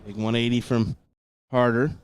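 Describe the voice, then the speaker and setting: A man commenting live on a darts match, chatty and relaxed, often answering with a quick "yep, yep". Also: mid-range voice, smooth, no echo.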